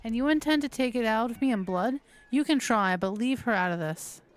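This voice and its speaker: A woman's voice: a little high, lively intonation, fairly quick, faint music behind, natural voice. A woman voicing a defiant young male outlaw swordsman in a story game, in her own voice.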